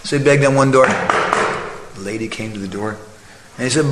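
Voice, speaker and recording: A male preacher with a mid-range voice delivers a conversational sermon at normal speed, telling a story and often checking in with the audience. The hall is echoey, with faint ambience and background noise.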